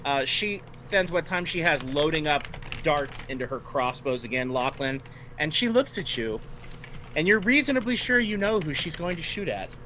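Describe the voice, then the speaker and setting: Bright-voiced game master man. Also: a little high, lively intonation, moderate pace, slight background noise. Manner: friendly, narrates turns, laughs often. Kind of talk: running a tabletop game.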